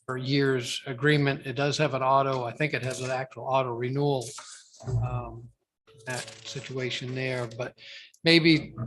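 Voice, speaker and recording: Department head at a town meeting; flat, hesitant man, light room noise. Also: mid-range voice. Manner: halting, many fillers and restarts. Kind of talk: public meeting discussion.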